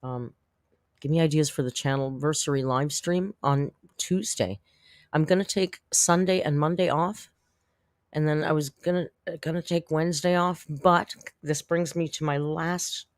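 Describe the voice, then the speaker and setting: A man's voice: a little high, fairly even intonation, normal speed, no echo, studio quality. A man hosting a casual livestream, chatting with viewers in a rambling, self-deprecating way and laughing often. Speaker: YouTube commentary host.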